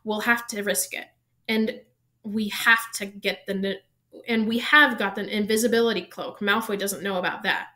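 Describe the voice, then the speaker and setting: Woman reader as a determined schoolboy, steady, plain. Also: medium pitch, normal speed, natural voice. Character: determined young schoolboy hero.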